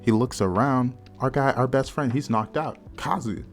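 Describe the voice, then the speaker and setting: A man's voice: mid-range voice, fairly even intonation, moderate pace, faint music behind. A man casually retelling a horror manga's plot, adding his own asides along the way. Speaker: manga reviewer. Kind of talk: casual storytelling recap.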